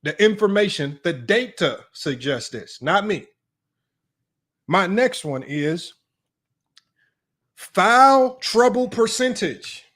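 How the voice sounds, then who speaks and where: A man with a high voice reads basketball numbers off the screen and keeps breaking off to mock his doubters. His delivery is combative and sarcastic, swinging between plain reading and needling taunts aimed at viewers. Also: lively intonation, takes it slowly, fairly bright tone, slightly rough. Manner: combative, mocking, reads data aloud then taunts critics. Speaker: sports debate host. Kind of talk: reading stats and ranting to viewers.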